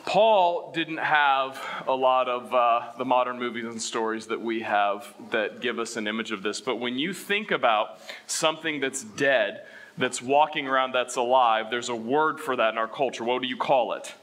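Animated, bright-voiced male pastor preaching. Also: mid-range voice, normal speed. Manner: animated, asks the room questions, swings from loud to hushed. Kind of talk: sermon.

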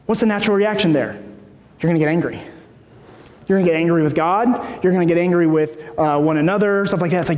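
A man's voice: sits high, fairly quick, pauses often, darkish tone. A man in his thirties preaching a sermon in a conversational way, often checking in with the room. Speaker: pastor. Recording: echoey hall.

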